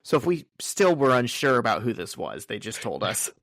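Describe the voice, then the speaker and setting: A man's voice: medium pitch, very animated, moderate pace, fairly bright tone, dry recording, clean studio sound. A man co-hosting a podcast, casually walking through a comic's scenes with crude jokes along the way. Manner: crude, joking, recounts scenes in order. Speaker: podcast co-host. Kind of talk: casual chat recapping a comic.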